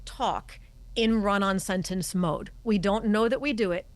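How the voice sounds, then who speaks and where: A woman's voice: medium pitch, unhurried, dry recording. A middle-aged woman, a communication coach, who explains her points emphatically and acts out voice habits as examples during a podcast interview. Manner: emphatic, demonstrates voice habits as she talks.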